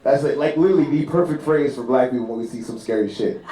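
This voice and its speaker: Far from the mic, a man with a medium-pitched voice talks fast during a stand-up set at a live club with an audience, the sound roomy. He tells stories animatedly, acting out characters' voices in between.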